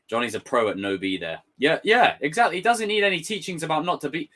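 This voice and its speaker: A young man ranting casually on a live stream, swearing freely and slipping into quick impressions. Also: a little high. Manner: animated, swearing, jumps into impressions.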